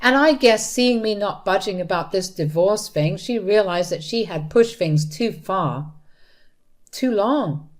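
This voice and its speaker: A woman's voice: mid-range voice, lively intonation, a little slow. A woman narrating a first-person story in a bitter, blunt manner.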